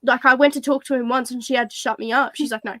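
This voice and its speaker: A young woman telling stories in casual chat, animated and swearing, mimicking other voices. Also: sits high, fast talker, no echo. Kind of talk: casual storytelling.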